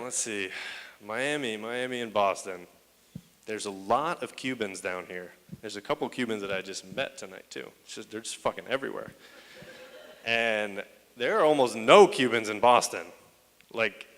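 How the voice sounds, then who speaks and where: Bright-voiced crude young comedian. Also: male voice, medium pitch, slight background noise. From United States. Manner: crude, self-mocking banter with frequent swearing. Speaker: stand-up comedian. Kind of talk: stand-up comedy set. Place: comedy stage. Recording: echoey hall.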